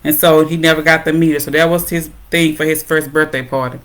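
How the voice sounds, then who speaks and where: A middle-aged woman hosting a parenting talk show, speaking casually and warmly to her viewers, calling them "y'all". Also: sits low, level tone, brisk. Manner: warm encouraging, addresses viewers as "y'all".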